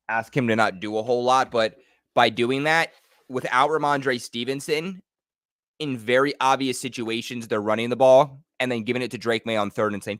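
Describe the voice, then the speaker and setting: A young man hosting a fan watch party, giving live play-by-play and reactions, calm in his breakdowns and yelling at big plays. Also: medium pitch, no room sound, studio quality. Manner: excitable, swings from calm analysis to yelling.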